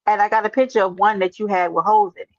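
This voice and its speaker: A woman's voice: mid-range voice, steady tone, racing, dry recording, highs cut off. A woman hosting a casual livestream, brash and teasing, swearing freely as she talks with a caller. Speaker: livestream host.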